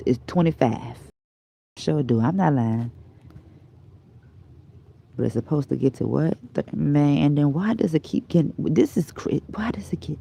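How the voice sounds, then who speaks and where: A woman's voice: low-pitched, gravelly, warm tone. A tired woman vlogger chatting casually to her viewers, rambling and drifting into whispers. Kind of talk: rambling casual live chat.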